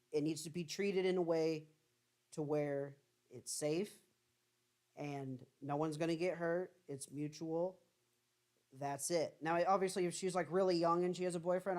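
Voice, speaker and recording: Earnest young man, slightly high voice. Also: fairly even intonation, normal speed, a little mellow. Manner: earnest and protective, repeats himself while thinking aloud. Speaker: podcast co-host. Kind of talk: casual podcast chat.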